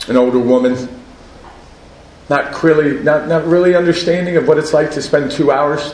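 A man's voice: mid-range voice, roomy sound, low-quality recording. A man giving a personal share at a recovery meeting, conversational, often asking "right?" and laughing at himself.

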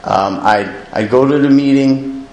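A man's voice: mid-range voice, unhurried, a little mellow, highs cut off. Candid man telling his story in an echoey room. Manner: candid, conversational, self-mocking, often asks the room "right?". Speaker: speaker sharing at a recovery meeting. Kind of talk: personal recovery story told to a group. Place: meeting room. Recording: echoey room with faint ambience.

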